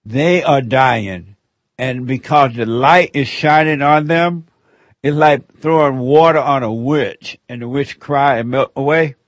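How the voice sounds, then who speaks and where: A man's voice: mid-range voice, measured pace, no room sound. A man hosting a call-in radio show, rambling and laughing as he gives spiritual counsel.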